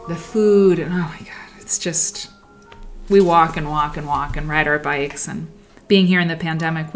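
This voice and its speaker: A woman hosting a livestream, telling stories in a rambling, reflective way that often trails off. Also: deep voice. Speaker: livestream host. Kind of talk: casual livestream storytelling. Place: at home while sewing.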